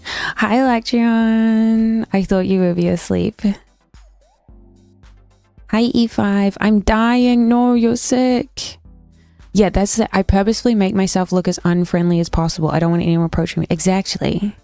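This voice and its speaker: A woman's voice: mid-range voice, fairly even intonation, moderate pace, creaky, darkish tone, dry recording, soft background music. A young woman streaming a game and chatting casually, telling stories bluntly, swearing freely and laughing between them. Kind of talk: casual chat on a gaming stream.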